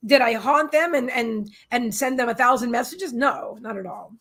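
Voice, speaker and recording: A woman's voice: on the high side, normal speed, fairly bright tone. A middle-aged woman hosting a psychic livestream, telling a personal story in a rambling, emotional way with many restarts and asides to viewers. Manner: talks to viewers in chat.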